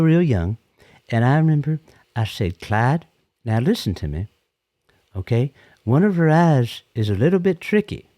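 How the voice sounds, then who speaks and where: A man's voice: medium pitch, mellow, no echo, studio quality. A man calling in to tell a rambling, comedic story in a folksy way, often repeating and restarting himself. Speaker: caller.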